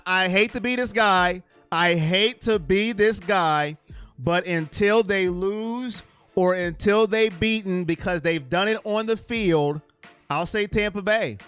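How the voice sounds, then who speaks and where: A man hosting a casual live stream chat, rambling excitably and reading viewer comments aloud. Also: high-pitched, smooth.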